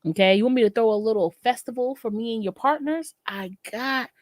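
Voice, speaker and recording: A woman's voice: a little high, a little fast, no echo. A woman from Massachusetts co-hosting a podcast, talking bluntly in casual chat and laughing often. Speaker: podcast co-host.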